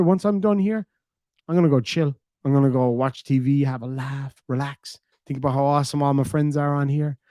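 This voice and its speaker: An Irish man hosting a livestream, reading out super chats in casual chat, swearing freely and thanking donors warmly. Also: medium pitch, no room sound, clean studio sound.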